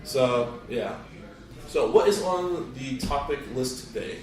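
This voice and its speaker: A man co-hosting a podcast in casual chat, expressive and opinionated, laughing easily. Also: medium pitch, slow pace, reverberant, far from the mic, soft background music, rough recording. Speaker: podcast co-host.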